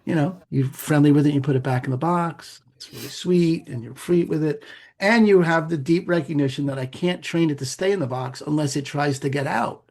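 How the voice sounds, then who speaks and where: A middle-aged man, a meditation teacher and podcast guest, explaining in a relaxed conversational way with playful asides. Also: fairly high pitch, fairly quick. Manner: gravelly, husky, animated with playful asides.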